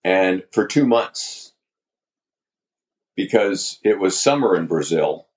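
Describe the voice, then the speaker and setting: An older man, a podcast guest, telling his story candidly in a halting, talkative way. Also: sits low, expressive, husky. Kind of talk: storytelling interview.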